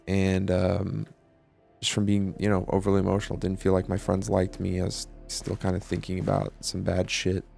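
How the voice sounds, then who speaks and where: Young male vlogger, deep and creaky, candid casual monologue, faint music bed. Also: darkish tone. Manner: candid, casual, swears often, many fillers. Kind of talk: personal reflective monologue.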